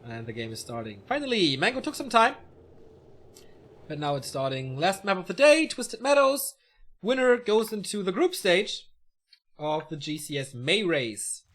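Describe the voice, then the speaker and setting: Lively, chatty male esports caster. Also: sits high, normal speed. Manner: chatty, joking asides between play calls. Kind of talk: solo play-by-play game commentary.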